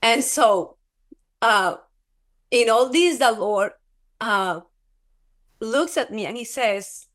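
A woman who is a guest in an interview, telling a personal testimony in a halting, earnest way, with many filler words and restarts. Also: a little high, expressive, a bit bright. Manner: earnest, often breaks into laughter.

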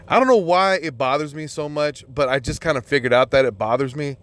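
A man's voice: fairly high pitch, fairly quick, a bit bright. Exasperated, foul-mouthed male podcaster. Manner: exasperated, heavy swearing, rambling with many fillers. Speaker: podcast host. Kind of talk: profane solo podcast rant.

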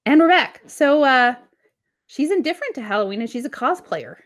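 A woman's voice: high-pitched, sing-song, fairly quick, no echo, studio quality. A woman in her thirties co-hosting a podcast, chatting casually and swearing now and then. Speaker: podcast co-host. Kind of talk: casual chat.

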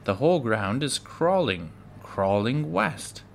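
A man reading aloud, voicing a stern pioneer father in plain, measured speech. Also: mid-range voice, sing-song, creaky, a little hiss or hum, heavily acted. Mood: grim.

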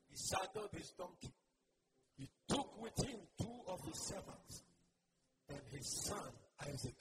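High gravelly preacher, loud noisy room. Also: male voice, big pitch swings, a little slow. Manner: preaching with call-and-response to the congregation. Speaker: pastor. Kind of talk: sermon. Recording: loud background noise.

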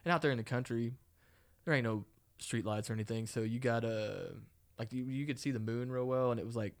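Gravelly young man rambling a story. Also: medium pitch, brisk. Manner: rambling storytelling, swears often, laughs along. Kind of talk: casual chat.

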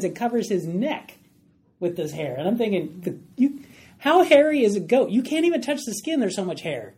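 A woman with a lowish, husky voice teaches a Bible study class in a room that has a board. She talks in a lively, conversational way and puts questions to the class.

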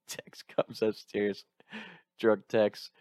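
A man in his twenties casually telling an animated story, laughing through it. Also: on the low side, very slow, no echo, studio quality.

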